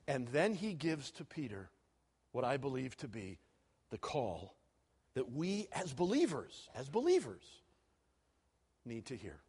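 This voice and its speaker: A man preaching to students, animated, acting out quoted speakers with big swings in volume. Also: medium pitch, measured pace, husky. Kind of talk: sermon.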